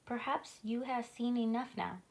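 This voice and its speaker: A woman reading the lines of a big friendly male giant who speaks gently with mangled grammar in a storybook read-aloud. She keeps close to her own voice for him. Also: a little high, unhurried, vocal fry, poor audio. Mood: gentle. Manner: mangled grammar, soft-spoken.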